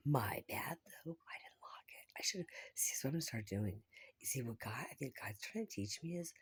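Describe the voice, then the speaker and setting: A woman's voice: a bass voice, lively intonation, brisk, slightly rough. A woman vlogging in a rambling, profane monologue, often dropping to a whisper.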